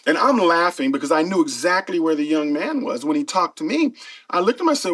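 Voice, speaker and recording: A middle-aged man speaks in a slightly high voice, a pastor telling stories in a casual interview. He is earnest and grows animated when he acts out what others said. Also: brisk, low-quality recording. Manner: earnest, animated when retelling, frequent fillers. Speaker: pastor and former pro football player.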